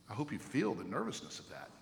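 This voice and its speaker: A man's voice: fairly low pitch, huge pitch swings, normal speed, vocal fry, a little hiss or hum. A male pastor preaching a sermon emphatically, with rhetorical questions and repeated words. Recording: echoey hall with long reverb.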